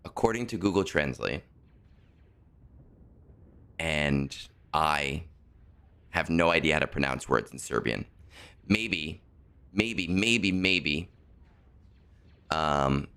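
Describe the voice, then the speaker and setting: A man with a deep, low voice talks casually through a game stream, muttering and second-guessing himself as he plays. His tone is relaxed and conversational, like he is chatting with regulars. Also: slow, pauses often, clean tone. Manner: muttering to himself, self-correcting. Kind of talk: casual livestream chat while playing.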